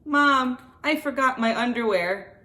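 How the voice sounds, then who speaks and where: Woman doing a squeaky excitable boy frog. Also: unhurried, reverberant. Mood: whiny. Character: cheeky young boy frog, clumsy and excitable.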